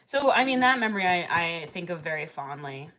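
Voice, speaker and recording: A young woman talks casually on a livestream, filling her sentences with ums and likes and laughing easily. Her voice sits a little low. It has a bright, forceful edge. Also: sing-song, fairly quick. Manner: chatty, laughing often, many fillers. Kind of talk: casual live-stream chat.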